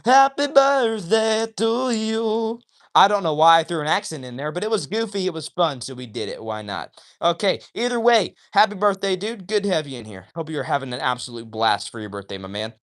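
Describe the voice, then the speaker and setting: A man's voice: a little high, expressive, fast talker, few pauses, a bit bright. Upbeat male streamer chatting with viewers. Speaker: livestream host reading chat. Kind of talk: casual livestream chat. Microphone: phone.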